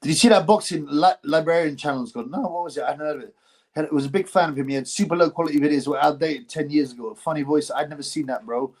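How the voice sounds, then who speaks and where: A middle-aged man from England hosts a casual livestream, reading out viewer comments. His voice sits slightly high for a man. He rambles, restarts his sentences and keeps an animated, conversational flow. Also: quick pace. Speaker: livestream host.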